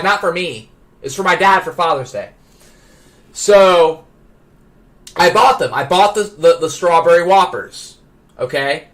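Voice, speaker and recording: Streamer, male, high and bright: excitable storyteller who stammers and gets loud. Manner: excitable, stammering restarts, builds to shouting. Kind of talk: animated anecdote telling.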